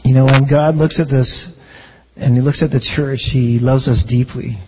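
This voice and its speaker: A man's voice: medium pitch, steady tone, moderate pace, lo-fi sound, slight background noise. A man preaching a sermon as a pastor in a conversational way, often restarting phrases and asking rhetorical questions.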